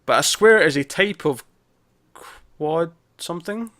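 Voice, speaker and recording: A man's voice: a little high, lively intonation, measured pace, fairly bright tone. A man co-hosting a casual TV review show, rambling and restarting his sentences as he talks. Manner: rambling, self-interrupting with repeated words. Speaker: podcast co-host.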